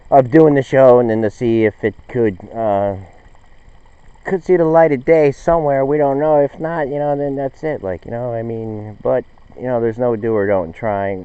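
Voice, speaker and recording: A man's voice: lowish voice, warm tone, smooth, dry recording. Rambling, self-correcting man. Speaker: host. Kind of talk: casual rambling monologue. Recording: dull, dry recording.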